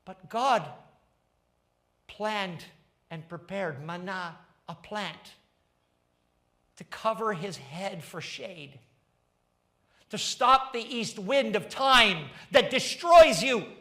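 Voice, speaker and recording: A pastor preaching a sermon, animated and rising to fervent emphasis as he tells the story. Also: sits high, drawn-out words, long pauses. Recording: livestreamed sermon.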